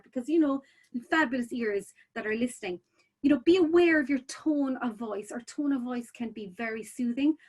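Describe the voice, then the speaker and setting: A woman's voice: sits high, a little mellow. A woman presenting a childcare webinar in a chatty, informal way, full of "you know" fillers and restarts.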